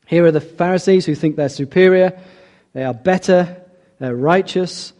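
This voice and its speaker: A man's voice: sits high, moderate pace, a little mellow. A middle-aged man preaching a sermon, earnest and emphatic, often asking rhetorical questions.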